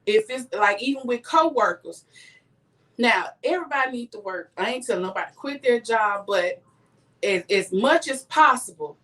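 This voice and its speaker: Lady talking real talk to her viewers, kinda high voice, sits back from the mic. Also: expressive, moderate pace, a bit bright. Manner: earnest, emphatic, talks straight to viewers. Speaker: vlogger giving life advice. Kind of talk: casual heart-to-heart live stream. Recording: voice a bit distant from the mic.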